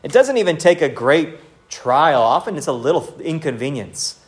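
An earnest man preaching a sermon, his voice sitting a little higher than most men's. He teaches through the passage verse by verse in a plain, steady way. He keeps turning to his listeners and speaking to them directly. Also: normal speed. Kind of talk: expository sermon.

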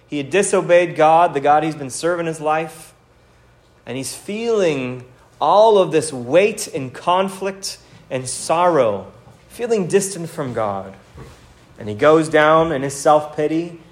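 Guy preaching a sermon, kinda high voice, earnest, asks the crowd questions. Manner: earnest preaching with rhetorical questions and acted quotes. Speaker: pastor.

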